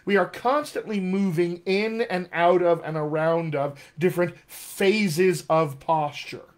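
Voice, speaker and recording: A man working as a dialect coach, teaching a live session from a home room in a chatty, animated way and talking straight to his viewers. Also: sits high, measured pace.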